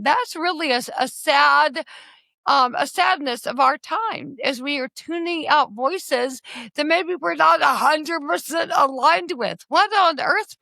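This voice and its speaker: A woman in her forties hosts a podcast conversation, her voice high and bright with a gravelly fry running through it. She speaks earnestly and with passion, pressing her points with emphatic appeals. The sound is dry and close, with no room around it. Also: dry recording. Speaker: podcast host.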